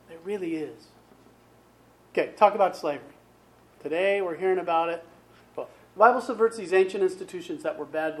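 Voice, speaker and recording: A man preaching a sermon in a conversational way, often asking his listeners rhetorical questions. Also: high-pitched. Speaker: pastor.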